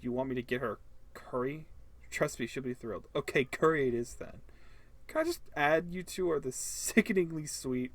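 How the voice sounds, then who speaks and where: A man's voice: mid-range voice, animated, moderate pace, no echo. A man doing a chatty, teasing best friend woman. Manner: teasing, warm-hearted.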